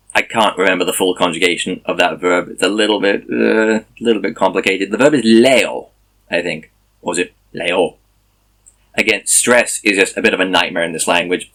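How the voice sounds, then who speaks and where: Brief: tired male vlogger, low voice, chatty and self-correcting. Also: pushed and bright. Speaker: language-learning vlogger. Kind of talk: casual video diary.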